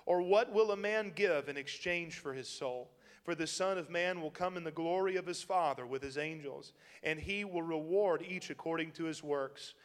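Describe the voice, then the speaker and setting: A man's voice: a little high, normal speed. A man preaching a sermon as pastor, with an emphatic, chuckling delivery. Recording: long hall reverb.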